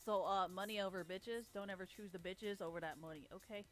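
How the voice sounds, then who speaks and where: A woman's voice: mid-range voice, steady tone, fairly quick, faint music behind. A young adult woman streamer ranting casually and bluntly, swearing heavily and laughing often. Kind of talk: casual profane rant.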